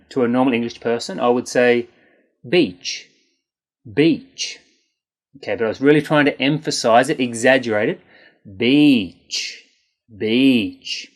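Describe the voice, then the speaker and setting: An English pronunciation teacher who says each word slowly and repeats it, stretching out the sounds, in a patient, encouraging way. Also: mid-range voice. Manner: slow, deliberate, exaggerated enunciation with repeated words. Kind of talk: scripted pronunciation lesson.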